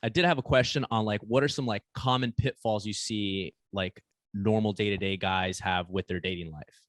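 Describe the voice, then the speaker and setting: A man's voice: on the low side, steady tone, normal speed, no echo. A man hosting a podcast, laid-back and affirming, chatting casually. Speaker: podcast host.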